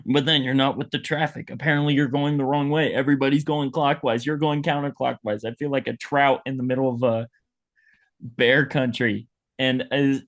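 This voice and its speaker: A man doing a dead hot dog vendor who takes offense at everything and rambles through a tearful, self-pitying story. His voice sits at an ordinary middle pitch, in the loose, improvised manner of a comedy role-play. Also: natural voice. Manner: touchy, rambling, melodramatic.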